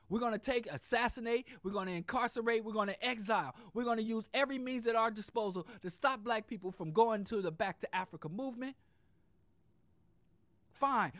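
A man delivering an impassioned political monologue, fiery and profane, hammering points in repetitive lists and dropping into low muttered asides. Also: dry recording. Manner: swings between loud outbursts and low muttered asides. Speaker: podcast host.

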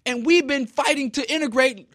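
A man's voice: very high-pitched, moderate pace, a bit bright, dry recording, clean studio sound. A man from Kansas City giving an impassioned talk, emphatic and preachy, with rhetorical questions. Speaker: speaker.

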